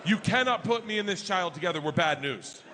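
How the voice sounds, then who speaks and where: Profane stand-up comedian in a big hall. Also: male voice, high voice, animated. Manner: loud, profane, acts out family members in quick voices. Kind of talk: stand-up storytelling. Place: large comedy venue, indoors. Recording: live venue with long reverb and audience noise. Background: crowd laughter and ambience.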